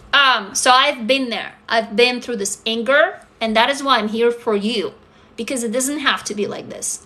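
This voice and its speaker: Woman live-streaming, bright and forceful, blunt and profane, reads chat aloud. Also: a little high. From Russia. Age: adult. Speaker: livestream host.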